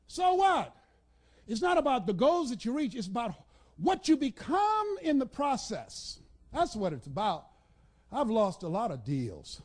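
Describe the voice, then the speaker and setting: A man giving a motivational speech to a live audience, in a preacher-like cadence that builds with repetition and breaks into shouts, telling the crowd to repeat after him. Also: extremely high pitch, very animated, a little slow. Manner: commands the audience to repeat and write things down. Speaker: motivational speaker.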